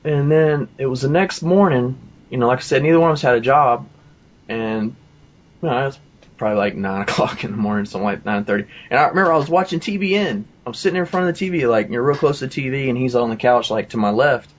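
A man's voice: medium pitch, fast talker, dull audio. A man telling a personal testimony in a casual, rambling way, full of asides and fillers. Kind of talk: casual storytelling.

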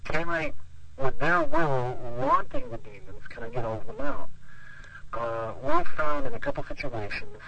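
A man's voice: on the high side, huge pitch swings, moderate pace, vocal fry, pushed and bright, rough recording. A man who is a pastor, telling a long story in an interview, rambling with lots of "you know" fillers. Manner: rambling, full of 'you know' fillers.

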